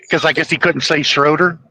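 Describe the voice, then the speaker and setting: A man's voice: fairly high pitch, bright, forceful tone, poor audio. A man in his forties chatting casually, retelling scenes and laughing along. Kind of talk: casual chat.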